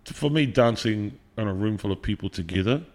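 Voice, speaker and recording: A man's voice: on the low side, brisk. A middle-aged man with a New Zealand accent, a guest telling stories in a casual interview, swearing freely and laughing often. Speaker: podcast guest, musician.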